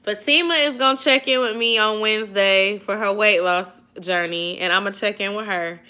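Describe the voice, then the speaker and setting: This young woman from the Atlanta area speaks in a medium-pitched, bright, forceful voice with a clean tone and normal speed. She's hosting a casual late-night YouTube livestream, reading viewer comments and giving sisterly advice while drowsy and yawning.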